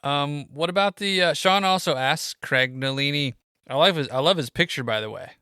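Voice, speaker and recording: Male podcast host, slightly high voice, bright and smooth, relaxed, reads questions. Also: normal speed, no echo, studio quality. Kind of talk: casual interview.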